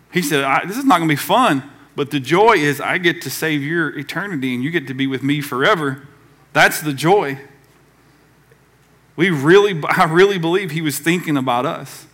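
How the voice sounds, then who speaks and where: A man's voice: fairly high pitch, fairly bright tone. A man from the American South preaching a conversational sermon as pastor, acting out quoted voices along the way.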